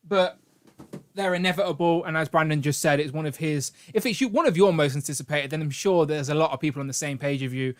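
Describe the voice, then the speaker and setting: A man hosting a casual live stream, chatty and joking, reading out comments from the chat. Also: fairly high pitch. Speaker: host.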